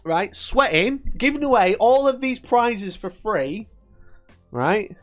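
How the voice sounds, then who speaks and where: A man's voice: high voice, expressive, slow, a bit bright, faint music behind. A man hosting a live stream, chatting casually with his viewers and trading sweary, mock-angry banter with them.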